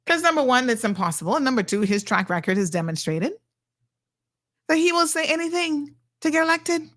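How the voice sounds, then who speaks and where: Blunt lady host on a livestream, kinda high voice, sassy. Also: big pitch swings, a little fast, fairly bright tone. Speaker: talk show host. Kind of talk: livestream talk show, reading viewer comments.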